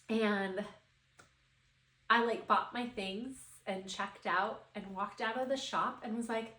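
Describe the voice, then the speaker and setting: A woman's voice: medium pitch, fairly even intonation, a little slow, bright, forceful tone. A woman in her thirties hosting a podcast, telling a personal story in an emotional, heartfelt way with many fillers. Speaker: podcast host. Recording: echoey room.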